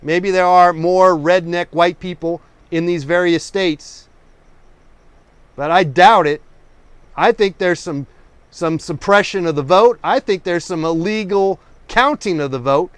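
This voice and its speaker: A man hosting a live painting stream, talking in a loose, rambling way and tripping over words after a few drinks. His voice sits a little high and comes through smooth and resonant in a dry, close sound. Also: unhurried, no echo. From Oakland, California. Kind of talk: casual live-stream chat.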